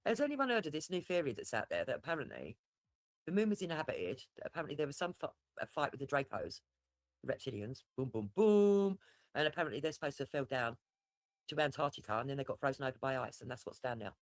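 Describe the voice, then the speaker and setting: A fast-talking man chats on his own livestream, rambling from story to story and swearing without a second thought. His voice sits close and dry, with no room around it. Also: mid-range voice, sing-song, no room sound. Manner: rambling, swears freely, laughs at himself. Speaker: livestream host. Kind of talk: casual livestream chat.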